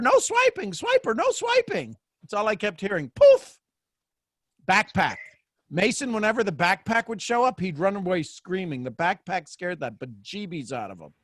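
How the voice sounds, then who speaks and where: A man hosting a casual group coaching chat, playful and animated and laughing often. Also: sits high, no room sound, studio quality. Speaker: host.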